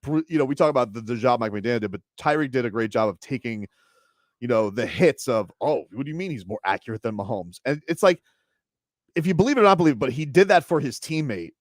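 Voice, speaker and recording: A man on sports radio who talks quickly and jokes around, now and then slipping into playful impressions. His voice sits at a middle pitch, heard dry and close in a studio. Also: animated, no echo. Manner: fast, joking, does playful impressions. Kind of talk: casual sports talk. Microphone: studio microphone.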